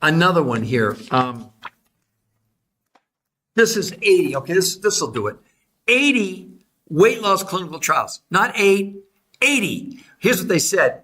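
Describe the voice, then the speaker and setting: Insistent high-voiced man presenting. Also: big pitch swings, unhurried, long pauses, sharp tone. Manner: insistent, repetitive, addresses viewers directly; greets live chat viewers by name. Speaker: host presenting research. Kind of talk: emphatic sales-style presentation.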